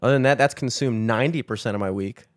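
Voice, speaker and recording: A man's voice: mid-range voice, quick pace, no room sound, clean studio sound. A young man co-hosting a podcast, chatting casually in a loose, joking, profane way. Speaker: podcast co-host. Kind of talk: casual chat.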